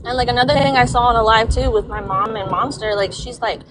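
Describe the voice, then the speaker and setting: Woman, higher pitch, venting on a live stream, profane, emphatic, noisy background. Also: fast talker. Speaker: livestream guest. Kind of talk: heated livestream venting.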